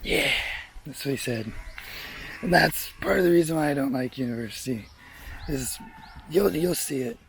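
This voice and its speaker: A man's voice: medium pitch, expressive, normal speed, vocal fry, long pauses, rough recording. A young man telling his life story in a casual vlog, rambling, frank and swearing freely. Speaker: vlogger.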